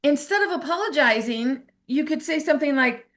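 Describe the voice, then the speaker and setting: A woman's voice: high-pitched, expressive, normal speed, hardly any pauses, a bit bright. Earnest woman teaching a motivational lesson. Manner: earnest and encouraging, acts out little quoted lines. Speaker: self-help teacher. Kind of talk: motivational talk.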